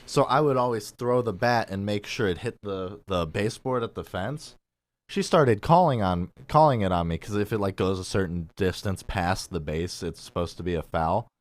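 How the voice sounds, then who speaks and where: A man's voice: on the low side, normal speed, dry recording. A young man hosting a radio show, telling a story in casual chat and acting out other people's voices. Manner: laid-back storyteller who acts out other voices. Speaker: radio host.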